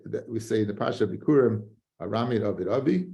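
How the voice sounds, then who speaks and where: Creaky-voiced rabbi teaching Talmud. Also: male voice, fairly low pitch, quick pace. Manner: animated, chanting study singsong with frequent restarts. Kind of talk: Talmud class.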